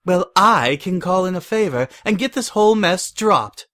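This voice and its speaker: A man voicing a prim, refined mare pony who is quick to take offense. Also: high-pitched, animated, pushed and bright, pitched above the performer's own voice. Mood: indignant.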